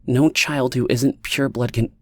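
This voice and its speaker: A man's voice: medium pitch, steady tone, a little slow, no room sound, voice pushed up, close to an everyday voice. A man voicing a smug, guarded pregnant woman with a curt manner, as an audiobook character. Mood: urgent.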